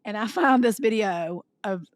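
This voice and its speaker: A woman co-hosting a chat podcast, telling lively stories and acting out the people she quotes. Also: mid-range voice, measured pace, dry recording. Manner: lively storyteller who acts out quoted people. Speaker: podcast co-host. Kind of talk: casual chat.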